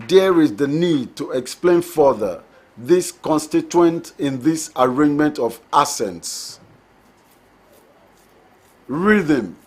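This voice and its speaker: Slow, husky male lecturer. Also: fairly high pitch. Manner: slow, deliberate reading of terms and examples. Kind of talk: recorded literature lecture.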